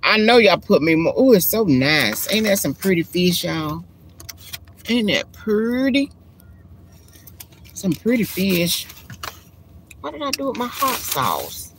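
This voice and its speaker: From inside her car, a woman live streams to viewers on a handheld phone camera, chatting in a folksy way and calling them girl and honey. Her medium-pitched voice is sing-song and slow, with long pauses and slight background noise.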